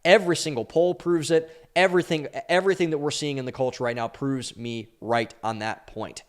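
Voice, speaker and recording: Young guy doing a solo commentary podcast, kinda high voice, emphatic, stretches out the big words. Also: brisk. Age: young adult. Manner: emphatic, drawing out stressed words; energetic and opinionated. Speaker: podcast host. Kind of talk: cultural commentary monologue.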